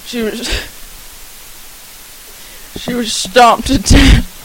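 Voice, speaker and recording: A man plays a grieving old farmer who speaks very slowly and mournfully, with a soft hiss in the background. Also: very high-pitched, steady tone, full character voice. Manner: slow, mournful, easily offended.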